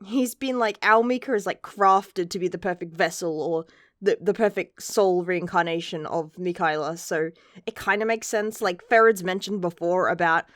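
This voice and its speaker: A woman reviews a chapter in a loose, chatty way, rambling and swearing casually. Her voice sits at a middle pitch, and the recording is dry and close. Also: no echo. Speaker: manga reviewer.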